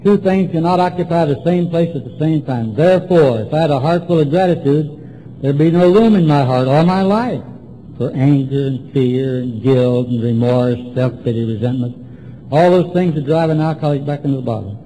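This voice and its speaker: A man's voice: on the high side, normal speed, mellow, a little hiss or hum, low-quality recording. A man from Washington, DC giving a folksy, repetitive, emphatic talk to a recovery meeting. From Washington, DC, USA. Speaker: AA speaker. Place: meeting room before a group.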